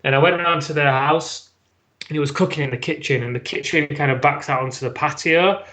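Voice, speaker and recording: A man's voice: a little high, a little fast, bright, forceful tone. A British man telling a personal story as a podcast guest, frank and swearing freely. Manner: frank, swears freely, acts out his own past words.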